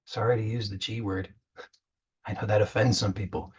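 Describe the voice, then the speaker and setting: Husky guy doing an earnest spiritual coaching talk, keeps repeating himself, kinda muffled audio. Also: lowish voice, little pitch movement, moderate pace. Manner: earnest, repeats words and restarts while telling a parable.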